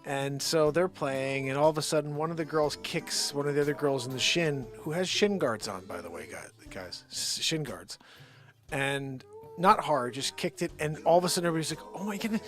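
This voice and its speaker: A man hosting a live comedy show, telling a rambling story in an animated way and chatting with viewers. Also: a little high, normal speed, faint music behind. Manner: rambling, animated, talks to unseen chat viewers. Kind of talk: comic storytelling monologue.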